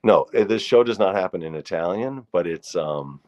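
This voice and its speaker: A middle-aged man with a very deep voice hosts a laid-back livestream at a moderate pace, sounding comfortable as he chats and wanders a bit off topic. He welcomes his viewers individually by name.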